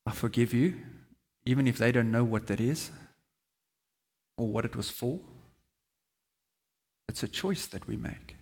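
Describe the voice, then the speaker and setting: A man preaching as pastor, gently inviting the congregation to respond. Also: mid-range voice, measured pace, creaky, pauses often. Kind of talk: sermon. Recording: echoey hall with long reverb.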